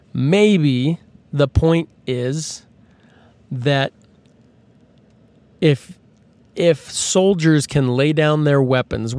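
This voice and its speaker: Male podcast host, mid-pitch, conversational and earnest, dead-dry close sound. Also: no echo. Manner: conversational, earnest, with frequent fillers and restarts. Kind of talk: casual monologue.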